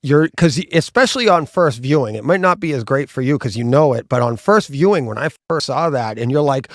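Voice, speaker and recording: A man hosting a casual live talk about home theater, telling stories animatedly and acting out gunshot booms. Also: brisk, few pauses, no room sound, studio quality. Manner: animated, acts out gunshot sounds. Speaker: host. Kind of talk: casual chat.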